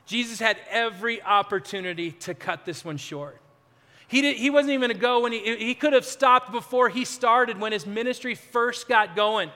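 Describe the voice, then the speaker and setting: High, bright-voiced pastor preaching in a hall. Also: male voice, moderate pace. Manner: earnest storytelling, swinging between loud emphasis and hushed. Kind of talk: Easter sermon. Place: large church hall with live band. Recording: reverberant hall with faint band music.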